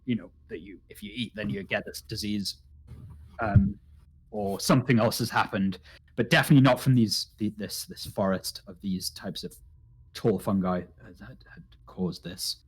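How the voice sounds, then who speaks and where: A man narrating a tabletop game as game master, halting with many restarts. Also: lowish voice, expressive, husky. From United Kingdom.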